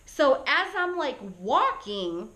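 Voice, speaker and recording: A woman pet sitter telling a story in a casual storytime vlog, chatty and animated, full of "like" and "right?" asides. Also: sits high, slow pace.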